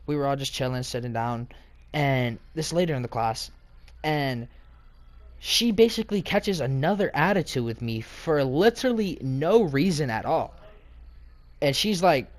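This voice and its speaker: A man telling a casual storytime about a clash with his teacher, slangy, rambling and indignant. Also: a little high.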